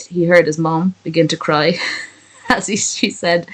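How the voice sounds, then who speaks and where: A woman's voice: on the low side, normal speed. A woman reading a fan story aloud on a livestream, breaking off for profane, sarcastic chat with her viewers. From not from America.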